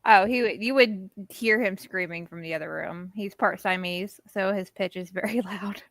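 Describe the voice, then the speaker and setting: A woman chats casually before a role-play session and laughs between her sentences. Her voice is bright and crisp, and the sound is dry and close. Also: mid-range voice, moderate pace, no echo. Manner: chatty, laughing. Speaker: player. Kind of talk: casual chat.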